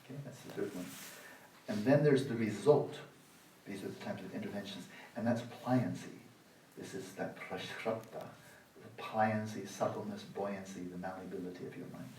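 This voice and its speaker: A man in his sixties giving a dharma talk at a meditation retreat, sarcastic and animated, acting out the inner voices of his students. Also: on the low side, moderate pace, slight background noise. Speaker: meditation teacher. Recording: roomy hall, voice from the mic's distance.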